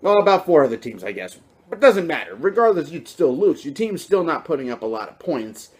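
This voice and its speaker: A young man with a high, lively voice runs through a casual weekly fantasy football recap. He is brash and swears freely, talking trash at his league mates. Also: fairly quick. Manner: brash, profane trash talk.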